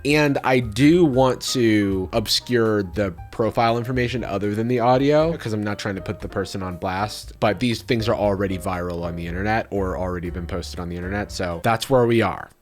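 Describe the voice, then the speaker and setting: A man hosting a casual reaction video, wry and animated. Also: fairly low pitch, brisk, few pauses, faint music behind. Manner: wry, animated, mocking quotes. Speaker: YouTube host.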